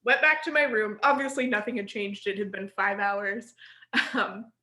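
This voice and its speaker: Bright-voiced woman in her thirties, echoey room. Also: medium pitch, moderate pace, a little hiss or hum. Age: 30s. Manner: rambling, animated, laughs often. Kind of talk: casual storytelling chat.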